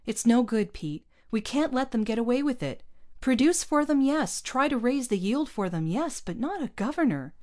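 A woman reading aloud, voicing an angry male colonist farmer who shouts his defiance in a raised, heated voice. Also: medium pitch, moderate pace, voice pushed up, natural voice. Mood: defiant.

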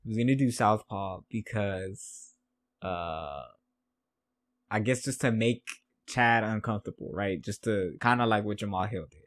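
In a relaxed sports podcast, the male host rambles through a fight, repeating phrases and laughing at his own notes. His slightly low, somewhat bright voice moves unhurriedly and is captured dry, with no room sound.

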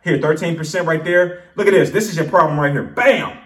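Male stock vlogger, slightly high voice, chatty and self-correcting, recorded off-mic in an echoey room. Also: fairly quick, recorded from a distance. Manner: chatty, self-correcting, addresses viewers directly. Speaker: penny stock show host. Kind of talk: casual stock analysis talk. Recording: roomy sound from off-mic.

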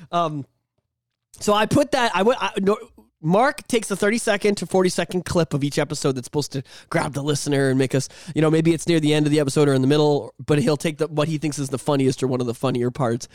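A man's voice: on the high side, darkish tone, no echo, clean studio sound. Profane, laughing male podcast co-host. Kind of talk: casual podcast chat.

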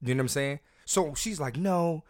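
A man's voice: medium pitch, a little fast, dry recording, clean studio sound. A man hosting a casual podcast, brash and profane, rambling and restarting his sentences as he tells stories. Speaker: podcast host.

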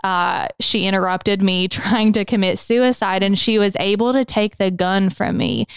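A woman's voice: medium pitch, clean tone, no room sound. Earnest woman sharing a personal story. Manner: earnest, emotional, slows down on hard moments. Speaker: podcast co-host. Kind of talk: candid personal testimony.

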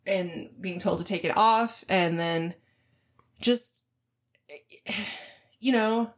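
A woman's voice: mid-range voice, extremely slow. A woman co-hosting a laid-back podcast, telling stories about a past job. She talks in a chatty, easygoing way, with frequent laughs. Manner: chatty, storytelling, laughs often. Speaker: podcast co-host. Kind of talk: casual chat.

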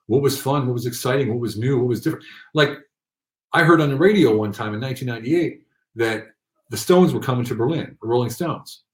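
Guy rattling off stories quick, lowish voice, echoey room. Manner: animated, rambling anecdotes with fillers. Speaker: guest. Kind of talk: casual storytelling interview.

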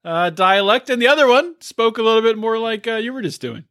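A man's voice: extremely high pitch, expressive, brisk, a bit bright, dry recording, clean studio sound. A man in his thirties co-hosting a casual podcast, talking hesitantly with many restarts. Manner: hesitant, lots of fillers and restarts. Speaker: podcast co-host. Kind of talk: casual comedic chat.

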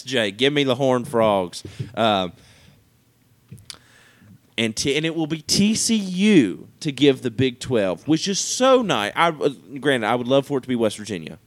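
A man's voice: medium pitch, no room sound. A young man co-hosting a casual sports podcast, opinionated and rambling, laughing often. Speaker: podcast co-host.

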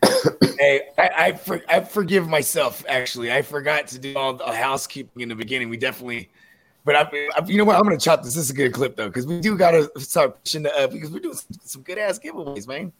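A man's voice: on the high side, animated, fast talker, a bit bright. Slangy, laid-back male podcast host. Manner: loose, repeats "you know what I'm saying". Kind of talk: casual sports podcast chat.

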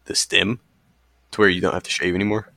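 Gravelly low young man, deadpan teasing. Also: quick pace, no echo. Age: young adult. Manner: deadpan teasing, short dry quips. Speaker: podcast co-host. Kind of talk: casual chat.

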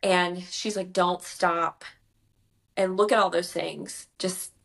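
A young woman, chatting in an interview as a debut novelist and retelling conversations in a lively, rambling way. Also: lowish voice, slow pace, vocal fry. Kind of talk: casual interview chat.

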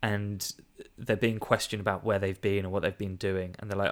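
A man's voice: lowish voice, level tone, moderate pace, hardly any pauses. A man co-hosting a casual film review podcast, chatty and playful, laughing easily as he talks. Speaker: podcast co-host.

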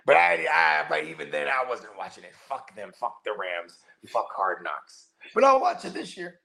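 Gravelly, joking sports-podcast man. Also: mid-range voice, moderate pace. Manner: animated, joking, swears a lot. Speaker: podcast co-host. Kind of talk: casual chat.

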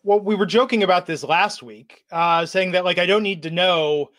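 A man's voice: sits high, normal speed, a bit bright. A man hosting a casual podcast chat, talking with a sarcastic, mocking manner. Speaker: podcast host.

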